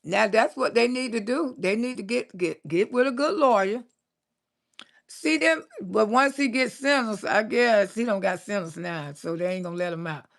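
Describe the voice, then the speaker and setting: A woman's voice: fairly high pitch, normal speed. A woman in her sixties, a comedian chatting casually on a live stream, blunt and salty, who laughs often as she tells stories and scolds. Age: 60s. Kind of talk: casual live-stream chat reading viewer comments.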